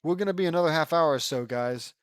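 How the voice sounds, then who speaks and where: A chirpy, brisk office woman, as a male reader puts her on, pitched up above his usual voice and a bit louder. The delivery is dry and close, with no room sound. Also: clean tone, dry recording, lightly acted.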